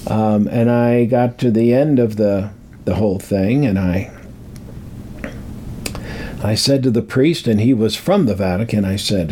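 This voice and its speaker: A man's voice: lowish voice, mellow, a little hiss or hum. An older man telling a rambling personal story, repeating words for emphasis. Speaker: speaker on metaphysics.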